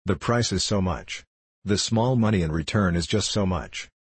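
A man voicing a cheeky, quick-witted street boy in an audiobook, speaking bold and merry. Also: low-pitched, breathy edge, dry recording. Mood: brash.

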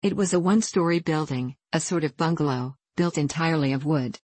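Woman audiobook narrator, low voice, dry close sound, measured storytelling. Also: a little mellow, slightly rough, no echo. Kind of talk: scripted narration of a classic novel.

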